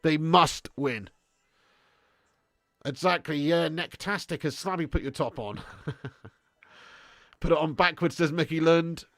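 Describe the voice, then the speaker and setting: A man's voice: a little high, slow, long pauses, fairly bright tone, dry recording, clean studio sound. A tired man hosting a live football watch-along, reading viewer messages with sweary, blokey banter. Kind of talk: live stream chat reading super chats.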